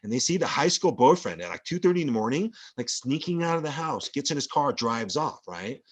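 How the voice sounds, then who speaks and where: A man's voice: medium pitch, sing-song, brisk, breathy edge. A male professor giving a rambling, anecdotal classroom lecture full of fillers.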